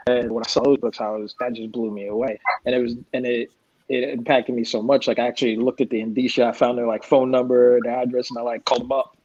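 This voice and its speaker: Speaking quickly in a mid-range voice, a comics creator in his forties chats casually as a guest on a livestream panel, with slight background noise. He's an animated storyteller who performs the lines he quotes, heard through a video-call mic on lo-fi livestream audio.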